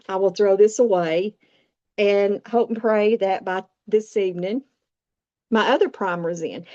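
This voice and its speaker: Casting: woman, 60s, Southern Appalachian accent, folksy makeup vlogger, mid-pitched voice, slightly dull lo-fi recording. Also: a little mellow. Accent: Southern Appalachian American. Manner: chatty, folksy, talks straight to viewers. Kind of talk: casual makeup tutorial.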